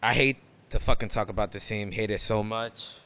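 A man's voice: lowish voice, fairly even intonation, normal speed, sharp tone, clean tone. A man in casual sports chat, blunt and heated, swearing freely as a fan.

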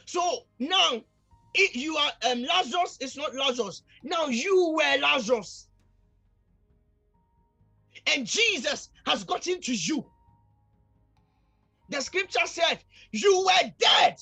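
A male pastor preaching a fervent sermon, repeatedly calling out to the congregation and swinging between shouting and near-quiet. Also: very high-pitched, animated, slow pace, gravelly, long pauses, faint music behind.

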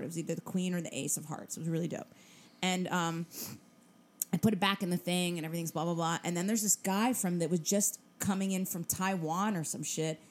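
A woman co-hosting a podcast, telling a story in casual chat, animated and full of swearing and fillers. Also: on the low side. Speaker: podcast co-host.

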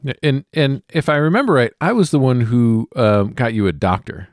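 A man's voice: medium pitch, moderate pace, dry recording. A man playing a tabletop game, bantering wryly with the others. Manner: wry, lively banter. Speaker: player. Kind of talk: tabletop role-play banter.

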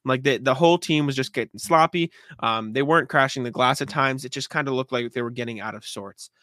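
A man co-hosting a casual sports podcast, breaking down game stats in a loose, conversational way with frequent throat-clearing. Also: mid-range voice, fairly quick, pushed and bright, no room sound. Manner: conversational, uses fillers and laughs, clears throat often. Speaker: podcast co-host.

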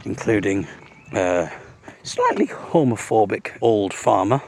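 Low-voiced man rambling on a walk. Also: lively intonation, moderate pace, a little hiss or hum. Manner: chatty, self-mocking, jokey asides. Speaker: audio blogger. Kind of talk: rambling comic monologue on a walk. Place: outdoors walking along a road.

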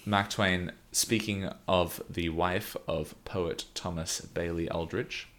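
Brief: male podcast co-host, very low voice, casual, reads quotes with punch. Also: fairly even intonation, takes it slowly, fairly bright tone. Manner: laughs often, reads quotes with lifted emphasis. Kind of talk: casual chat, reading out quotes.

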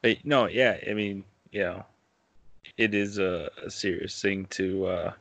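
A man hosting a podcast in a relaxed, loose way, padding his talk with fillers and "you know". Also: low voice, measured pace, no echo. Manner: laid-back, filler-heavy with lots of "you know". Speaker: podcast host. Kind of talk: casual interview chat.

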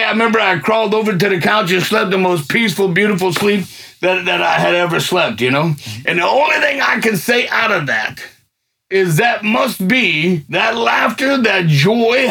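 A middle-aged man telling a personal faith testimony in colloquial, excitable storytelling that swells into fervent near-shouting. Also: sits high, creaky, husky. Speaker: guest giving a testimony.

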